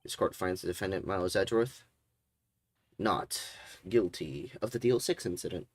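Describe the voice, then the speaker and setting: A man voicing an older male judge who speaks in a slow, formal, solemn way. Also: deep voice, no room sound.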